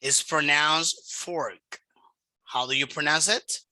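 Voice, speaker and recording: A woman teaching English to a child over a video call, speaking slowly and patiently and modelling each word's pronunciation. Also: sits low, animated, bright, forceful tone, no echo, rough recording. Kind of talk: online class with a child.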